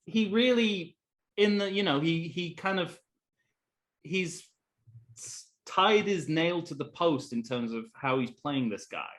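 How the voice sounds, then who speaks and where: Male podcast co-host, casual and halting, restarts often and lets his lines fade. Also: on the high side, expressive. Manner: halting, many restarts, trails off quietly. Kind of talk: casual film discussion.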